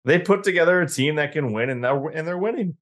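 A man co-hosting a hockey podcast in casual chat, animated and swearing freely as he argues his point. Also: on the high side, fast. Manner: animated, swears when worked up. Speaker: podcast co-host.

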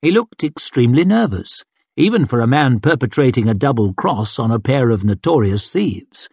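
A man reading an audiobook in scripted narration with measured, expressive storytelling. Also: medium pitch, breathy edge, dry recording.

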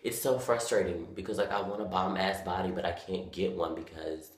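A young man of nineteen vlogging casually, chatty and dramatic, full of fillers and sudden loud, excited storytelling. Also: low voice, brisk, husky, no echo. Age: young adult. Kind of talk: casual vlog talk to camera. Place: parked car. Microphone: phone camera.

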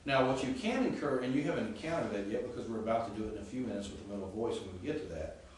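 A man teaches a Greek class, explaining with frequent restarts and checking that students are following. His voice is on the low side, expressive and very fast, picked up by a far camera in an echoey classroom with faint noise.

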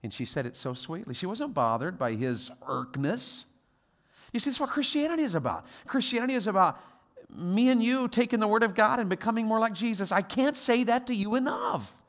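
A man preaching a sermon as a guest pastor, telling stories with quoted voices and moving from quiet asides to loud exhortation. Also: sits high, very animated, fairly quick.

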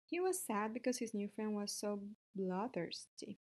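Female storybook narrator, unhurried, steady delivery. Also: mid-range voice. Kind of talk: storybook read-aloud.

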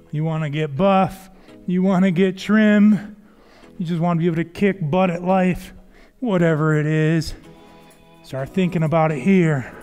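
A fitness coach with a fairly high yet darkish-toned voice guides a workout, counting reps and cueing form. He stays upbeat and encouraging while faint music plays behind him.

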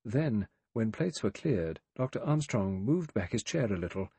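A man narrating an audiobook in a measured, even reading. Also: lowish voice, slightly rough, no room sound. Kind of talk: scripted narration.

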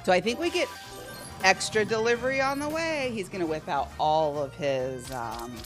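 A woman's voice: lowish voice, expressive, moderate pace. A woman hosting a casual live slot stream from home, playfully chatting and greeting viewers by name. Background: faint slot game music.

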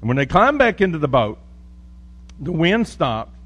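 A man with a fairly high voice preaches as a pastor. He reads scripture, prays and tells stories in a folksy, joking way. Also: very animated, moderate pace, a bit bright, slightly rough, muffled recording. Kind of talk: sermon with scripture reading and prayer.

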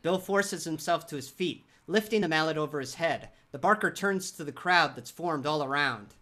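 A narrator with a medium-pitched voice tells a horror audio drama at a moderate pace. The delivery is vivid storytelling, punctuated by shouted sound effects.

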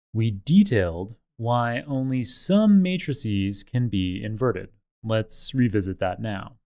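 A man teaching a tutorial, explaining step by step in a measured way over slides and a code demo. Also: fairly low pitch, darkish tone. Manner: measured, explanatory, with occasional fillers. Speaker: instructor.

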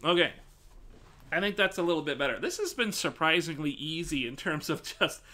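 A man streaming live, thinking aloud and swearing casually as he tests his desk microphone, often projecting near a yell. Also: fairly high pitch, sing-song, brisk. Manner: projects loudly, near yelling into the mic. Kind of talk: live stream mic test, casual chat.

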